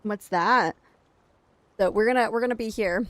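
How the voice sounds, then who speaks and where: A woman streaming from home late at night, chatting casually, laughing often and cooing softly to her toddler. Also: medium pitch, moderate pace, dry recording. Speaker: game streamer and mother. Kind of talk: casual live-stream chat.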